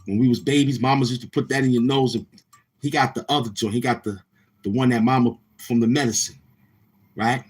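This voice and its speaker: A man with a husky, slightly rough voice hosts a live stream. He roasts a viewer in loose, joking banter and often breaks into laughter. He talks straight to his chat. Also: medium pitch, fairly even intonation, brisk.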